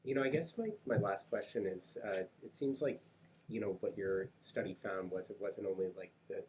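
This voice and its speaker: An interviewer asking a long question in halting phrases, full of fillers and restarts. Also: low voice, a little mellow. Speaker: journal interviewer. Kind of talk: conversational academic interview. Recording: faint background noise.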